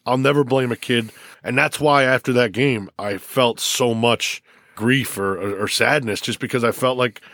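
Here a middle-aged man who coaches high school football gets emotional telling stories in a casual interview, full of restarts and repeats. His voice is a bit bright at normal speed, in a dry recording with clean studio sound.

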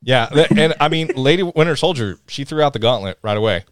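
A man's voice: mid-range voice, expressive, brisk, smooth, no echo, studio quality. A man hosting a casual podcast chat, talking with enthusiastic, upbeat energy. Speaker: podcast host.

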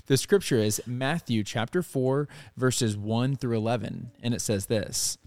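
A man co-hosting a faith podcast, friendly in the chat and slow and deliberate when he reads scripture. His voice sits at an ordinary middle pitch. The sound is dry and close, with no room echo. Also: darkish tone. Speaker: podcast co-host. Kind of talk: casual devotional podcast with scripture reading.

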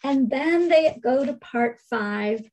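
A middle-aged woman, a reading specialist, slowly explaining literacy lesson steps and reading sample sentences in careful phrases. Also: high voice, lively intonation, a little mellow, poor audio. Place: screen-share recording.

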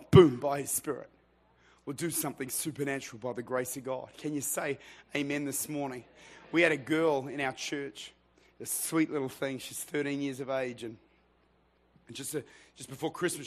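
High, bright-voiced male preacher. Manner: rising to shouted, fervent preaching. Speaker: pastor. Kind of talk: preaching sermon. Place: church.

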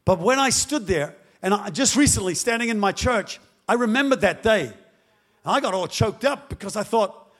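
A male pastor preaching a dramatic storytelling sermon that swings up to shouting. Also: sits high, expressive, normal speed.

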